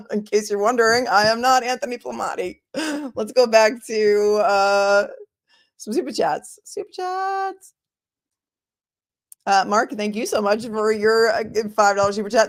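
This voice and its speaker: A woman's voice: on the low side, gravelly. A middle-aged woman with a Boston accent hosting a casual livestream as an attorney, reading viewer messages aloud and chatting about the day in court. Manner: chatty, warm thanks to viewers, thinks aloud. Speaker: attorney and trial commentary host. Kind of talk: casual livestream chat reading super chats.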